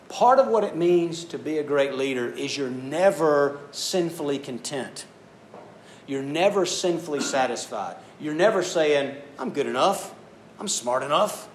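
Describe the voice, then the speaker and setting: A man preaching to a youth group, telling stories and acting out voices with animated delivery. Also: on the high side, slight background noise. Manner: animated storytelling, acts out voices. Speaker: youth speaker. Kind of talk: youth sermon.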